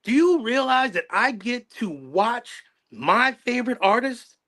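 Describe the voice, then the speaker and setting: A middle-aged man with a high, bright voice talks passionately to his channel's viewers. He circles back on himself, restarting sentences and repeating phrases as his feelings run over. His delivery is casual and heartfelt. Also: big pitch swings, unhurried. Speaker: channel host. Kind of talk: emotional casual chat.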